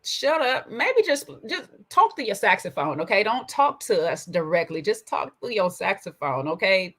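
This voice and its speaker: A woman hosting a casual, sassy commentary on a reality dating show, with a colloquial, animated delivery. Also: mid-range voice, moderate pace. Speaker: commentary host.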